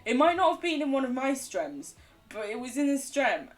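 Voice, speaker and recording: Animated English woman streaming a game. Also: sits high, moderate pace, distant mic, soft background music. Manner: animated, laughs often, swears casually. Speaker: livestreamer. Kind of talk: casual chat while gaming.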